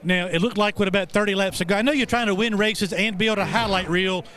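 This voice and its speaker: Bright, excited pit reporter. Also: male voice, sits high, quick pace. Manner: excited, raised voice. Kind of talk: victory lane interview. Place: victory lane, outdoors.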